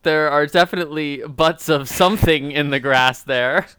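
A man's voice: on the high side, normal speed, pushed and bright, smooth, dry recording, studio quality. A man co-hosting a podcast in casual comedic chat, teasing his partner with crude jokes. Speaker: podcast co-host.

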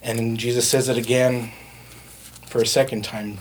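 A man's voice: mid-range voice, little pitch movement, moderate pace, a little hiss or hum. A man preaching a sermon in a conversational way, with frequent fillers and restarts. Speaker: pastor.

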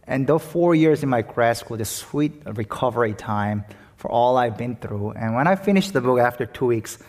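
A man's voice: mid-range voice, darkish tone. A male pastor, preaching a candid, emotional sermon and telling personal stories. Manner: candid, emotional storytelling with quoted voices.

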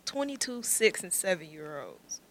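A woman who works as a teacher, chatting casually and relaxed, often trailing off into quiet asides. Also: fairly low pitch, normal speed, no echo. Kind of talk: casual chat.

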